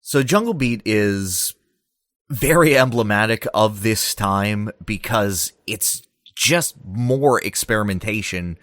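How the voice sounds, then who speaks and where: Lively, low-voiced joking man. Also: slow pace, no echo, studio quality. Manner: playful, joking, animated. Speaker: podcast host. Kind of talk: casual podcast chat.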